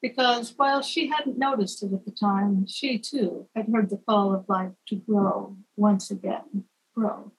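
A woman narrating a gentle fable at an unhurried pace, softly chanting the repeated refrains. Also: medium pitch, fairly even intonation, breathy edge, low-quality recording. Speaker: storyteller. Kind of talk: scripted narration.

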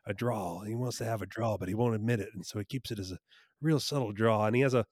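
A man's voice: on the low side, fast, a little mellow, no echo, clean studio sound. A man from New Jersey in casual podcast chat, talking in an enthusiastic, rambling way and often correcting himself.

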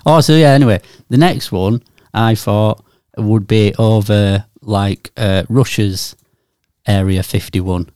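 A man's voice: lowish voice, slow, a little mellow, smooth, dry recording, studio quality. A man co-hosting a podcast, rambling through jokey, mock-serious theories in casual banter. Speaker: podcast co-host.

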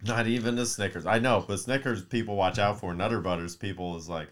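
A man in his thirties, a podcast co-host, telling a long story in casual chat, animated and profane, acting out quotes. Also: on the low side, fairly quick. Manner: mimics voices in quotes.

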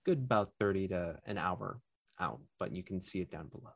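A man narrating a tabletop game as game master, relaxed and halting. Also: sits low.

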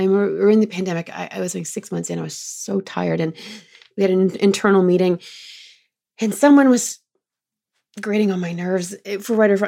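A middle-aged woman talking as a guest in an interview, telling lively stories about leading her team and quoting people in changing voices. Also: mid-range voice, gravelly. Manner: animated storyteller, quotes others in changing voices. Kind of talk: conversational interview.

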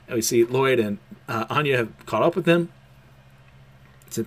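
A man's voice: mid-range voice, normal speed, pauses often. A man casually recapping a cartoon episode, laughing often as he retells it. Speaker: anime recap host.

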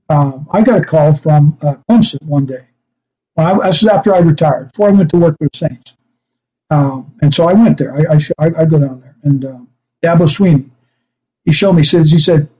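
An older man tells long, rambling stories in a warm, mellow voice that sits a little high. He chuckles and trips over his own starts. The audio is dull and lo-fi. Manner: rambling, chuckling, self-interrupting. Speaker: guest, former special teams coach. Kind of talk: casual storytelling interview.

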